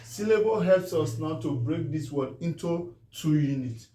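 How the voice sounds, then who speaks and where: A man with a Nigerian English accent gives a spelling lesson, slowly stretching words into syllables and checking whether it is clear. His voice sits a bit high but sounds mellow. It is heard from a distance in an echoey room. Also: expressive. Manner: checks in often, asking if it is clear; drawn-out syllable-by-syllable pronunciation. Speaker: teacher.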